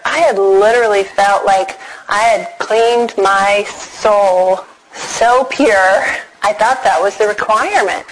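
A middle-aged woman giving a personal testimony talk, animated and dramatic, acting out her own past reactions as she tells the story. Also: medium pitch, low-quality recording. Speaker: speaker sharing a personal faith story.

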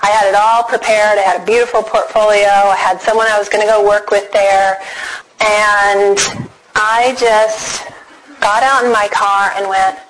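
A middle-aged woman giving a personal testimony talk, animated and dramatic, acting out her own past reactions as she tells the story. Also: medium pitch, a little slow, a little hiss or hum, rough recording. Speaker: speaker sharing a personal faith story.

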